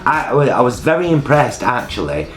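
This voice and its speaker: A man co-hosting a casual chat that reviews a TV show, talking in a teasing, playful way with drawn-out emphasis. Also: medium pitch, big pitch swings, crowd noise. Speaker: co-host. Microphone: laptop setup. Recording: echoey room, faint music behind.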